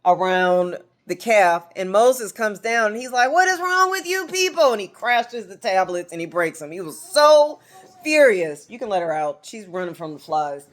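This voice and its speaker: Animated American woman teaching Bible. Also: lowish voice, normal speed. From United States. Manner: animated, acts out quotes, talks to the room. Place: home room with a small group.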